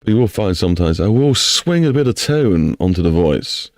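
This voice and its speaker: A man's voice: low-pitched, big pitch swings, moderate pace, a little mellow, no room sound, clean studio sound. A man with an English accent chatting casually on a live stream while he builds a game map, rambling and talking to himself and to chat.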